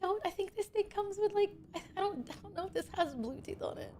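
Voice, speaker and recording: A woman streamer chatting casually with her viewers, excitable and swearing a lot, with loud outbursts. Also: very high-pitched, fast, slight background noise. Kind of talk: casual live-stream chat.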